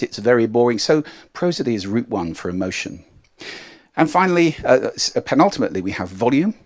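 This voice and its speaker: A middle-aged man from England gives a live talk to an audience as a speaking coach, demonstrating voices by shifting his pitch and volume. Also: sing-song, fairly quick. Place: stage before a live audience.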